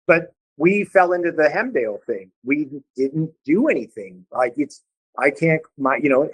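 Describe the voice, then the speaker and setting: A man from Cleveland telling stories as a podcast guest, animated and acting out what other people said in quick little voices. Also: on the high side, husky, no room sound, poor audio. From Cleveland, Ohio. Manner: animated, acts out quoted voices, swears casually. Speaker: podcast guest, band vocalist. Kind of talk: casual storytelling in conversation.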